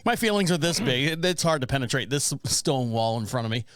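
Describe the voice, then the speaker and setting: Animated fifty-something man, rambling storyteller. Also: medium pitch, fairly quick, smooth, no room sound, studio quality. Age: 50s. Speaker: podcast co-host. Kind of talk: casual chat. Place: home studio.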